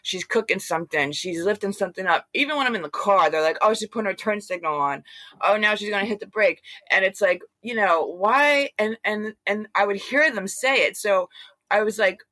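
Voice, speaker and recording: A woman's voice: mid-range voice, fairly quick, no room sound. A woman guest telling her story in a casual, rambling way, full of fillers and retold quotes. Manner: rambling, animated retelling with many fillers. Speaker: interview guest.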